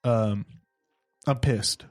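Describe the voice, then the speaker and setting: A man's voice: on the low side, steady tone, drawn-out words, darkish tone, no echo, clean studio sound, soft background music. A man co-hosting a casual comedy podcast, riffing on jokes and laughing often. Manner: joking, laughs often, riffs on ideas. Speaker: podcast co-host.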